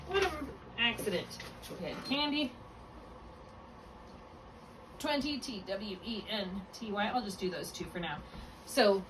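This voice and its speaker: A woman's voice: fairly high pitch, lively intonation, moderate pace. Woman, phonics tutor, patient, self-correcting, step-by-step explaining, distant mic, faint hiss. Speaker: reading tutor. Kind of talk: one-on-one phonics lesson.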